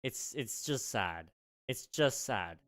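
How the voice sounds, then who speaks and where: A man's voice: mid-range voice, lively intonation, takes it slowly, fairly bright tone, slight background noise. A man chatting casually with his viewers on a live game stream, joking and repeating himself as he plays. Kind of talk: casual live-stream chat while gaming.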